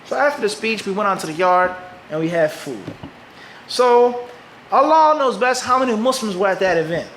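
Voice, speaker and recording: A man's voice: high voice, lively intonation, normal speed, a bit bright, reverberant, a little hiss or hum, low-quality recording. A man from Philadelphia with an American accent, teaching a live audience and often asking rhetorical questions before answering them himself. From Philadelphia, USA. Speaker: Islamic teacher.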